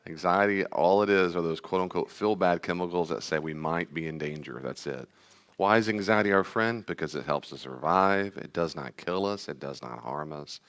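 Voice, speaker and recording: Deep-voiced man teaching a live class. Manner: animated, emphatic, repeats key phrases. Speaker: counselor teaching a class on anxiety. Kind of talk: live class talk with audience questions. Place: meeting room with live audience and online viewers.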